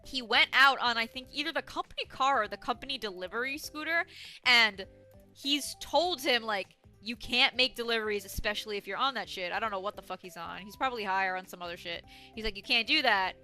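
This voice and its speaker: A young woman streamer chats and rambles through stories with a casual, swearing flow. Her voice is bright and sits a touch high, with a dry, slightly sore throat. Faint game music plays softly underneath. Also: brisk. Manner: rambling, chatty storytelling with frequent swearing. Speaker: livestreamer. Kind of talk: casual chat while gaming.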